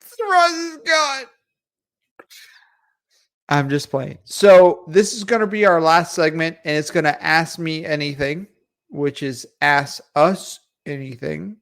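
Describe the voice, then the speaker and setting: Brief: male stream host, fairly high voice, blunt and profane, casual. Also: a little slow. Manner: ranting, swears freely, laughs often. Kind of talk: casual livestream chat.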